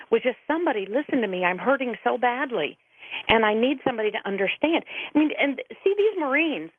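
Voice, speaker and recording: A woman's voice: fairly high pitch, dry recording. A middle-aged woman, a veterans' advocate calling in as a radio guest, telling stories earnestly and quoting people at length. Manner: earnest storytelling, quotes others at length. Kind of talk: radio interview over the phone. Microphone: telephone. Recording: tinny phone line, dry.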